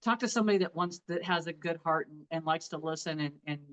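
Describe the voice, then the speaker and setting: A woman's voice: low-pitched, fast talker, a bit bright, muffled recording. A middle-aged woman co-hosting a casual chat about grief, speaking earnestly and sharing heartfelt advice. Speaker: podcast co-host.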